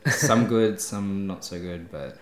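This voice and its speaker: A man's voice: low voice, slow pace. A young man with an Australian accent, a YouTuber chatting as a podcast guest and often trailing off with "yeah". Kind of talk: casual podcast interview. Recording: echoey room.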